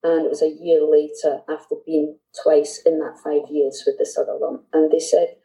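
A middle-aged woman, a guest, tells a host a personal story in a deep, dark voice at a measured pace. Her speech is candid and heartfelt, halting and restarting now and then, on a low-quality recording.

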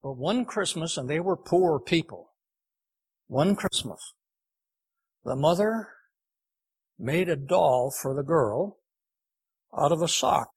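High-voiced folksy preacher telling a story. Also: male voice, expressive, takes it slowly, long pauses, slightly rough. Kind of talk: sermon with storytelling.

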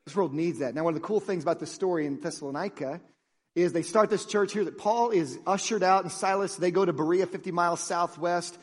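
A man preaching a sermon as pastor, energetic and jokey, with animated storytelling. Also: high-pitched, slightly rough, in a large hall.

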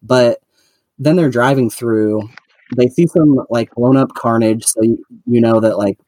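A man's voice: medium pitch, measured pace, mellow, no room sound. A man co-hosting a podcast in casual chat, chatty, laughing often and acting out quotes from the show. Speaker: podcast co-host.

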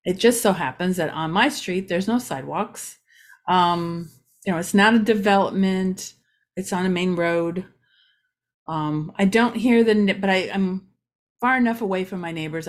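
A woman from Ohio hosting a casual local-news vlog, chatty and rambling with many asides. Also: medium pitch. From Ohio, USA. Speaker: local community vlogger.

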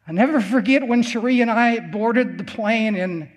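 A man's voice: very high-pitched, normal speed. An older man preaching a testimony sermon in a folksy storytelling way, acting out the voices of the people in his story. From American Midwest.

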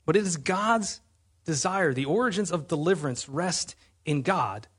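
Pastor, male, fairly high husky voice, earnest emphatic sermon delivery. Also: animated, moderate pace. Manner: earnest, emphatic preaching with rhetorical questions.

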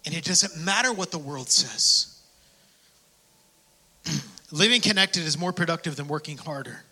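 A man preaching a sermon, dropping to whispers and rising to shouts, acting out prayers in dialogue. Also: a little high, moderate pace, pauses often, husky. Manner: swings from hushed whispers to shouted passion; acts out prayers and quotes in dialogue.

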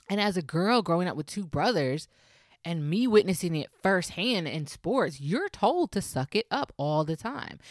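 Emphatic young woman, solo podcast host, low-pitched, dry close-miked delivery. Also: dry recording. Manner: emphatic, encouraging, repeats advice to listeners. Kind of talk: casual solo podcast monologue.

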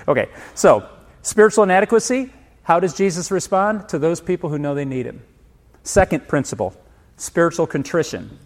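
A man's voice: a little high, very animated, a little fast. A middle-aged male pastor preaching a sermon in a conversational way, asking the congregation questions and acting out family stories. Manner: conversational preaching, asks the room questions and acts out family quotes.

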